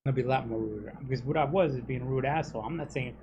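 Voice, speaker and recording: A man's voice: mid-range voice, racing, vocal fry, dark tone, lo-fi sound, a little hiss or hum. A man streaming gameplay and ranting heatedly, swearing often and asking "you know what I'm saying?" again and again. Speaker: game streamer. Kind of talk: casual rant while streaming gameplay.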